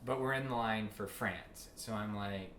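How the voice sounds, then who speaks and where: A man's voice: lowish voice, unhurried, a bit bright. Rambling man telling a story. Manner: rambling anecdote teller with fillers. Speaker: co-host. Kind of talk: casual chat. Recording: echoey room, faint noise.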